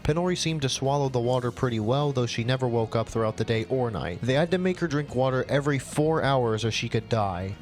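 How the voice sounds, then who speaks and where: A man's voice: medium pitch, animated, a little fast, few pauses, faint music behind. A man reading a bad story aloud as host, with sarcastic, exasperated commentary.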